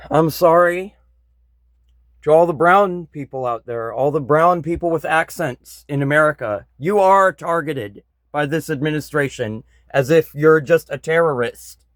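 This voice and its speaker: Slow-talking, angry man ranting. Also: on the high side, a bit bright, no echo. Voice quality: blunt, frequent swearing, bitter. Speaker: vlogger. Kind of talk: angry political rant.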